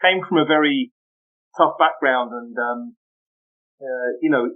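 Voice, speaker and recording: A man telling animated stories in a casual interview, often laughing as he talks, in muffled lo-fi audio. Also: medium pitch, measured pace. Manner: animated, laughing, full of anecdotes. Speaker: podcast guest.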